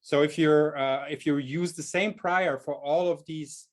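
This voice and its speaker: German guy teaching stats on a video call, slightly higher voice, lots of "right?", fixes his own words. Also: fairly even intonation, unhurried. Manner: explanatory, frequent "right?" checks, self-corrections, laughs at himself. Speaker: statistics instructor. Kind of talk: online workshop lecture.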